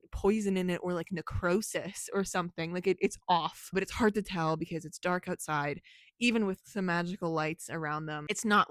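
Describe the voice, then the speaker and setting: A woman's voice: fairly low pitch, dry recording. A woman author chatting casually in a vlog about her writing, rambling with lots of "like", laughing often and swearing freely. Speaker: author and book vlogger.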